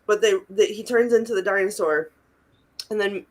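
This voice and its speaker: A woman's voice: medium pitch, moderate pace. Giggly woman recapping a movie. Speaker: podcast co-host. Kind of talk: casual movie-recap chat.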